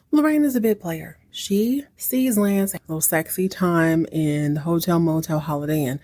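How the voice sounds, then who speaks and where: A woman's voice: on the low side, dark tone. Chatty woman recapping a TV drama. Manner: chatty and wry, acts out characters' lines in quick voices. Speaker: podcast host recapping a TV series. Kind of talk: casual chat recap.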